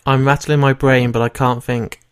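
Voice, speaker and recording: A man's voice: mid-range voice, little pitch movement, moderate pace, slight background noise. A man interviewing a guest, adding brief amused remarks from away from the microphone.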